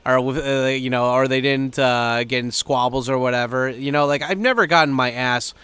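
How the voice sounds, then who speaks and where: Rambling, profane guy, smooth voice. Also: mid-range voice, steady tone, normal speed, fairly bright tone, no echo. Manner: loose and rambling, swears a lot, heavy fillers. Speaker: vlogger. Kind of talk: casual chat to camera.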